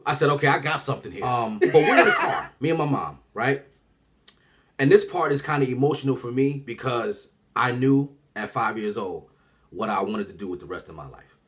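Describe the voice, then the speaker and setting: A man, a comedian, telling a lively personal story and acting out the other people in it. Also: lowish voice. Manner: animated, acts out voices, swears freely. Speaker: stand-up comedian. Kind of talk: storytelling stand-up.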